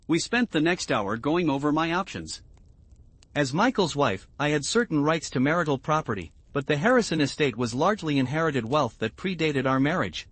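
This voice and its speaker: A man reading a scripted first-person story in an even, measured way. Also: fairly high pitch, breathy edge, no echo. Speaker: narrator.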